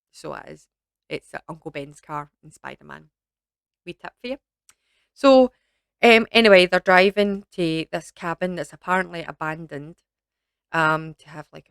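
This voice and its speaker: A Scottish vlogger gives a casual, chatty film review, rambling into asides and filling gaps with lots of ums. Her low voice is smooth, clean and a bit bright, with dry, close sound and no room echo.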